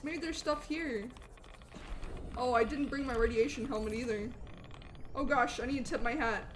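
A woman streaming a game live, excitable and chatting with viewers, with hiccups. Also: sits high, a little hiss or hum. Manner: excitable, talks to chat, frequent outbursts. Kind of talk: live gameplay commentary.

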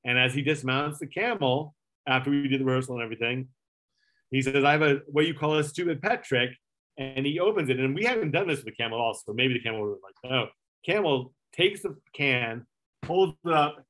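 A man's voice: mid-range voice, fairly bright tone. Middle-aged guy telling a long showbiz story, ums and you-knows, swears a bit, does little quote voices. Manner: rambling anecdotal storyteller, many fillers, swearing, acts out quotes. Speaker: guest, former late-night segment producer. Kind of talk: casual storytelling interview.

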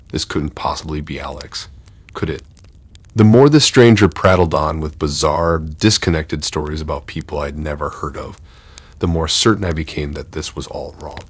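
Very deep, husky male storyteller. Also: dry recording. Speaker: horror story narrator. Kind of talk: scripted first-person narration.

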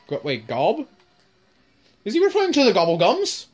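A woman's voice: medium pitch, wildly swooping pitch, moderate pace, a little mellow, husky, soft background music. A woman giving casual, sweary commentary while playing a zombie game. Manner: casual, swears often, drawls. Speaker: gamer. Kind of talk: gaming commentary.

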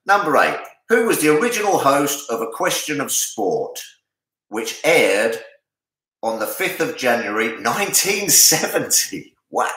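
A man hosting a casual charity pub quiz, chatty and jokey, reading the answers out slowly. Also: mid-range voice, sharp tone. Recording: echoey room.

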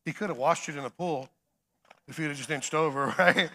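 A middle-aged man preaching a sermon, swinging between emphatic calls and quiet storytelling. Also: fairly high pitch, fairly quick, slight background noise. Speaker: guest preacher.

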